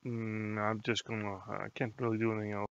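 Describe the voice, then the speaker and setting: A man's voice: lowish voice, level tone, a little fast, clear, resonant tone, no echo, lo-fi sound. A man playing a tabletop game, hesitant and full of fillers, swearing mildly. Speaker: player. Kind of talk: casual tabletop game chat.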